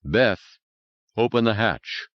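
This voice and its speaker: A man's voice: on the low side, animated, takes it slowly, no room sound, muffled recording, pitched above the performer's own voice. A man voicing a tense male psychologist, speaking urgently and insistently.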